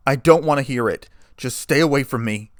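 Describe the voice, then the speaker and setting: A man reading aloud, playing an injured young man who speaks slowly and forcefully through pain. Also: medium pitch, clear, resonant tone, no echo, studio quality, lightly acted. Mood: furious. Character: injured young human man, bitter and angry.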